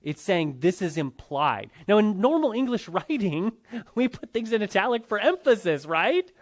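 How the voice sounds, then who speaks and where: A man's voice: high voice, sing-song, normal speed. A man teaching a Bible class in a conversational lecture style, often checking in with his students.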